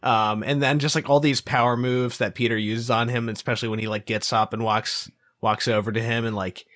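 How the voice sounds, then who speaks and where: A man's voice: medium pitch, flat delivery, fairly quick, fairly bright tone. A man co-hosting a podcast, chatting casually about a film, rambling with lots of "like" and "um". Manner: rambling, loose, many "like" and "um" fillers. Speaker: podcast co-host.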